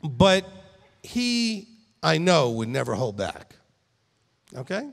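Middle-aged rabbi preaching, lively up and down voice, kinda high, big hall echo. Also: male voice, takes it slowly, gravelly. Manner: animated, emphatic, speaks directly to listeners with frequent "okay?". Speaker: rabbi and founder of the congregation. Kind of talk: conversational sermon. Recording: long reverb in a hall.

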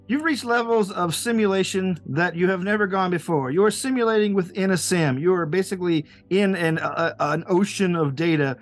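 A man's voice: sits high, normal speed, hardly any pauses. A man narrating a tabletop game as game master, loose and rambling, laughing often.

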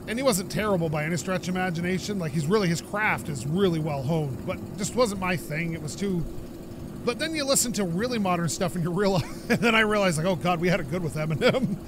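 Gaming host, male, from Canada, high voice, stuffy nose, rambling and chatty over game noise. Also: a little fast. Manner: rambling, chatty, laughs often. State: stuffed-up, coughing from dust. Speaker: gaming YouTuber. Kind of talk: casual let's-play commentary.

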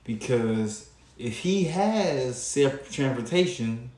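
A man hosting his own channel, giving reaction commentary in a drawn-out way with frequent pauses. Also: mid-range voice, lively intonation, darkish tone, roomy sound. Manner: slow, drawn-out, pausing often. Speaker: channel host.

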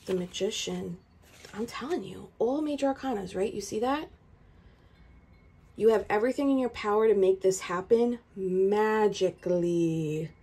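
A woman's voice: mid-range voice, unhurried, mellow, slightly rough. A woman giving a tarot reading straight to the viewer, urgent and emphatic, repeating her points. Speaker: tarot reader.

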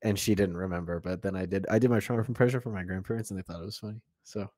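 A young man co-hosts a casual podcast, spinning a family anecdote with quick bursts and laughing asides. His voice sits low. The sound is dry and close to the mic. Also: steady tone, dark tone, no echo. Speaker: podcast co-host. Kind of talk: casual chat.

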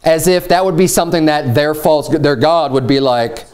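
Animated man preaching a sermon. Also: a little high, moderate pace, hardly any pauses, clear, resonant tone. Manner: animated storytelling, mocking quotes in raised voice.

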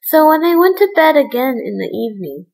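A woman reading a fairy tale aloud as a bedtime story, in a measured storybook manner. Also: sits high, big pitch swings, creaky, a little mellow, poor audio.

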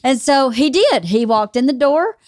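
A woman's voice: high voice, very animated, moderate pace, darkish tone, no room sound, studio quality. A woman hosting a podcast, telling a story in a casual chat and bluntly contradicting her co-host in a teasing way.

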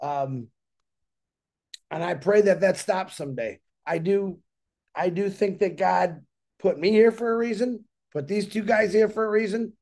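Male host, high for a man, earnest and rambling, casual talk-show delivery. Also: measured pace, a little mellow. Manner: rambling, earnest, repeats himself.

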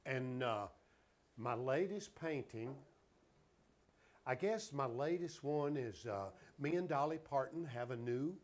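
A man in his 70s, appearing as a guest singer on a talk show, swaps folksy anecdotes in a casual storytelling chat. His mid-range voice is expressive and slow, with a drawl, and he acts out the quotes in his tales.

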